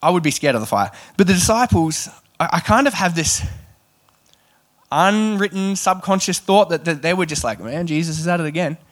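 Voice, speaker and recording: Animated man preaching. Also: high voice, normal speed. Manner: animated, chatty, self-deprecating asides. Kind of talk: sermon.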